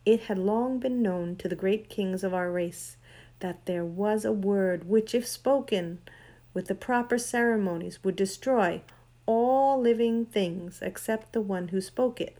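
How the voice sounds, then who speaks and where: A woman's voice: mid-range voice, measured pace, dark tone, natural voice. A woman voicing Queen Jadis, an imperious sorceress queen. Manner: grand, cold, commanding. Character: proud ancient female sorceress queen, imperious. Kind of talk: storybook reading.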